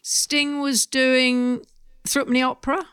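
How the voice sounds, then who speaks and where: A woman hosting a chat show, chatty and quick to laugh. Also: high voice, level tone, a bit bright, smooth, no echo, studio quality. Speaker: host. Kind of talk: casual chat.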